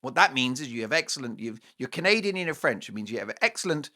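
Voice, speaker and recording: A man's voice: mid-range voice, sing-song, fast, hardly any pauses, bright, forceful tone. A man hosting a talk show, delivering a scornful, sarcastic monologue with theatrical, punchy lists. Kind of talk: opinionated monologue.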